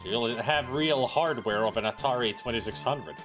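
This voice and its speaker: A man's voice: mid-range voice, moderate pace, over music. A man giving casual gameplay commentary as a streamer, rambling and riffing, with some swearing. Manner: rambling, animated, swears and riffs. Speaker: gaming streamer.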